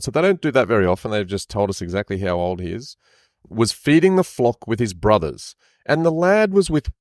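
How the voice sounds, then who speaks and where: A man's voice: lowish voice, no echo, clean studio sound. A man co-hosting a podcast, reading scripture aloud in a casual, chatty way and stopping often to comment. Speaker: podcast co-host and reader.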